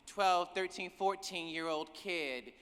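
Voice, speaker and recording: A woman's voice: lowish voice, slow pace, smooth. A woman giving an emotional keynote speech to a cheering audience, effusive and repeating words when she is moved. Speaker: keynote speaker. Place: large conference hall with live audience. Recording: echoey hall from far off, loud crowd.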